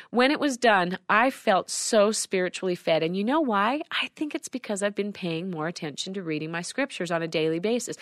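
A woman's voice: mid-range voice, a bit bright, no echo, studio quality. A woman hosting a daily devotional show, talking in an earnest, heartfelt way about her faith. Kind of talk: devotional talk.

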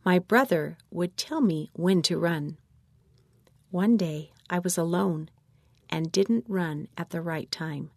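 A woman's voice: fairly low pitch, slow, darkish tone, no echo, clean studio sound. A woman reading aloud a mother's memory of a frightening childhood moment, with her voice rising at the cry for help. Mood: fearful. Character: grown woman recalling childhood terror. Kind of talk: read-aloud quoted story.

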